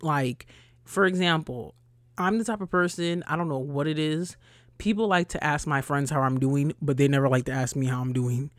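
A young woman from New ranting bluntly as a podcast host, swearing freely and her voice jumping loud and high when she gets riled. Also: normal speed, dry recording, studio quality. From New York, USA. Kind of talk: casual ranting monologue.

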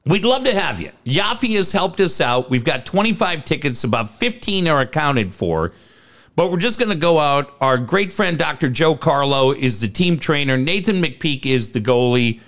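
Male podcast co-host with a fairly high voice and lively pitch. Upbeat, rambling promotional delivery. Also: moderate pace. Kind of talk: casual sports podcast chat.

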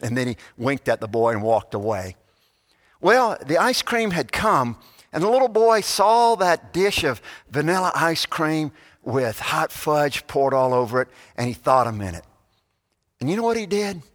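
Pastor preaching in a reverberant church. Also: male voice, on the high side, sing-song, normal speed, fairly bright tone. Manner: storytelling, voices quoted characters. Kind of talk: sermon.

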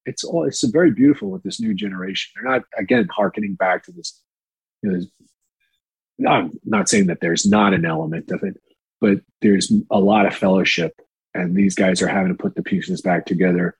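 A man's voice: on the low side, normal speed, creaky, husky, dry recording, low-quality recording. A man telling candid, rambling anecdotes in a casual interview, profane and full of fillers, on a close mic. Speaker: actor and guest.

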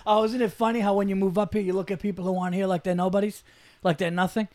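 A man's voice: high voice, level tone, fast talker, a little mellow. A man hosting a podcast, chatting casually and joking profanely. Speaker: podcast host. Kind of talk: casual chat.

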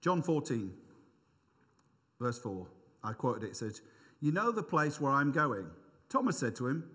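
Middle-aged male preacher, casual and self-mocking, mid pitch, long hall echo. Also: sing-song, moderate pace, a bit bright. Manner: conversational, self-deprecating, thinks aloud with asides. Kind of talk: informal sermon.

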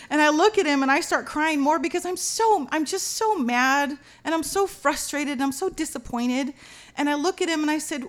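A woman from Los Angeles telling a personal story as a lively, dramatic monologue, mixing in Spanish slang. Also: sits high, normal speed. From Los Angeles, USA.

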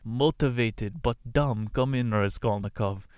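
A man's voice: medium pitch, measured pace, a little mellow, clear, resonant tone, no room sound, clean studio sound, lightly acted. A man voicing a greedy old female pawnbroker who speaks in clipped, broken English and sneers at her customer. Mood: sly.

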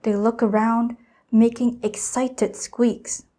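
A teenage student girl reading a children's storybook aloud, careful and expressive. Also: on the high side, slow pace. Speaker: student reader.

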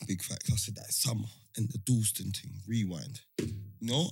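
A man's voice: fairly low pitch, normal speed, gravelly, a little mellow, slightly rough, soft background music. A young man, co-hosting a casual podcast chat with joking, slangy banter. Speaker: podcast co-host.

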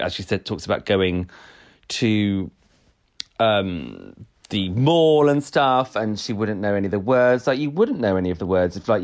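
A man co-hosting a casual podcast chat, chatty and giggly, often restarting his sentences. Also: on the low side. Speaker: podcast co-host. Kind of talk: casual chat reviewing a TV show.

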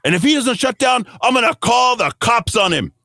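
A man's voice: high-pitched, animated, normal speed, a bit bright, no echo, clean studio sound, voice pushed up, heavily acted. A man putting on a sneering petty local businessman. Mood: spiteful. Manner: mocking, sneering put-on accent. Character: scheming petty male local business owner, spiteful and boastful.

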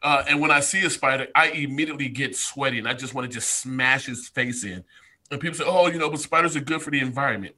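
This American man, a strength coach appearing as a podcast guest, tells stories with bright, animated energy and speaks directly to his listeners. His pitch is medium and he talks fast in a casual, chatty way.

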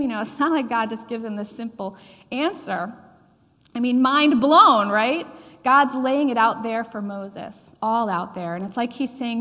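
A woman preaching a sermon in a conversational, animated way, with asides to the congregation. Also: on the high side, normal speed. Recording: long hall reverb.

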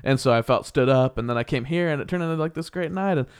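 A young man casually telling a story, animated and heated, laughing often and swearing. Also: medium pitch, fast, clear, resonant tone. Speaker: podcast co-host.

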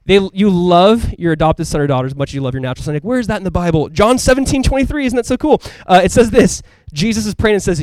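Male pastor, fairly high voice, rapid, chatty and emphatic sermon delivery, dry sound. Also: expressive, a little mellow, clean tone, no room sound. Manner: casual, conversational preaching with frequent asides.

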